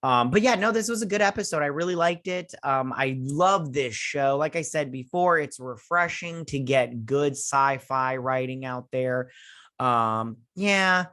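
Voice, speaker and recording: A man's voice: mid-range voice, animated, measured pace, pushed and bright. A man hosting a casual show review, talking in a rambling way with many restarts and filler words.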